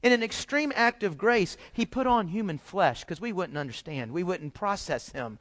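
A man's voice: sits high, lively intonation, moderate pace, a bit bright. A man preaching a sermon as pastor, in a folksy conversational way with frequent restarts, addressing his congregation.

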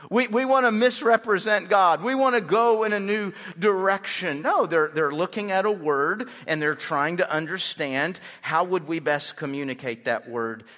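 A man's voice: a little high, bright, forceful tone. A man teaching a live Bible study, talking with the group in a conversational way, stopping to quiz them and explain each point. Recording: long reverb in a large room.

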